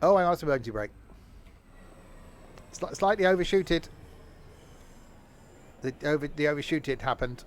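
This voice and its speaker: A man streams a train simulator, talking in a medium-pitched voice at a brisk clip with frequent pauses, over slight background noise. He chats casually and jokes around, tossing in silly mock passenger announcements.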